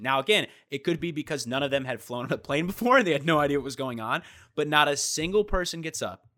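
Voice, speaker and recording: A man's voice: mid-range voice, bright, forceful tone. A young man in a casual chat, telling a travel story with lots of swearing and acting out the people he met.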